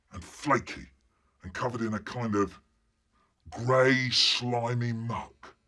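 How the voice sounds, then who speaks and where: A man telling a childhood story to listeners, animated and acting out each scene. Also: sits low, breathy edge. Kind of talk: storytelling performance.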